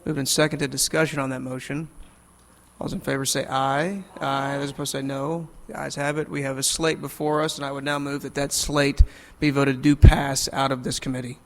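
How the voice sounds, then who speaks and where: Gravelly man chairing a hearing. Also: medium pitch, level tone. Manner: brisk procedural, light chuckles. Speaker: committee chairman. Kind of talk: formal committee proceedings. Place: legislative hearing room. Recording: long hall reverb.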